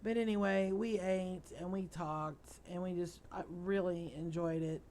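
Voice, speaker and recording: A woman's voice: lowish voice, steady tone, a little slow, a little mellow, a little hiss or hum. A middle-aged woman hosting a let's play, tired and yawning as she rambles through chatty stories while she plays. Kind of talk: casual gameplay chat.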